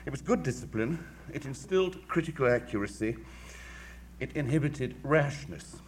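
A man's voice: mid-range voice, animated, a little hiss or hum. Articulate man giving a lecture. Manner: measured, articulate, with dry wit. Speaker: music critic. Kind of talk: formal lecture.

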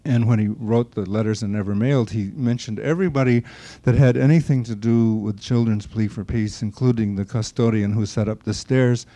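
A man's voice: on the low side, steady tone, brisk, warm tone. An older man being interviewed, telling anecdotes about an old friend and acting out the remarks he quotes. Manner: anecdotal storyteller who acts out quoted remarks. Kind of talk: reminiscing conversation.

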